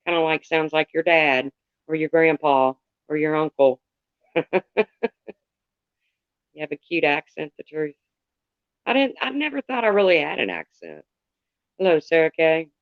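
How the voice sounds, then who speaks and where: A man's voice: a little high, clear, resonant tone, dry recording, highs cut off. A man livestreaming in casual chat, rambling candidly and greeting viewers by name.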